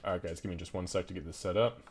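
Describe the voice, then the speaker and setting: A man narrating as game master of a tabletop game, casual and quick to laugh, swearing freely. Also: low voice, fairly even intonation, a little mellow, slightly rough.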